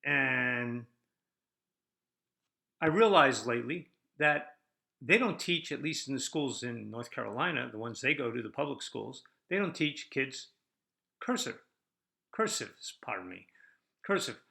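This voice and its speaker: A man's voice: mid-range voice, a little slow, creaky. Brash older male podcast host. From United States. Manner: combative, rhetorical, lively ups and downs. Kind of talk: opinion podcast monologue.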